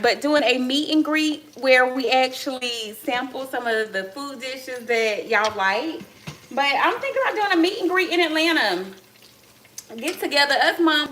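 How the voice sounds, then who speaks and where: A woman with a bright, sharp voice pitched a little high talks her viewers through a live cooking stream in her home kitchen. She keeps calling out to the audience in a chatty, easygoing way, and pans and dishes clatter faintly behind her. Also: slight background noise, low-quality recording. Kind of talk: casual live cooking chat. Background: clatter of pots and dishes.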